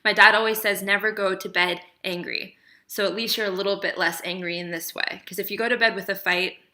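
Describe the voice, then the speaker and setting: A woman's voice: mid-range voice, fairly even intonation, fast, pushed and bright. A woman talking casually to camera, giving relationship advice in a chatty, emphatic way and often checking in with the viewer.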